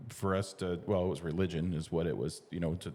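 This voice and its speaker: This middle-aged man's voice sits low and warm, with fairly even intonation and a quick pace, heard in a big room. Co-hosting a casual talk show, he restarts loosely, uses lots of fillers, and laughs easily.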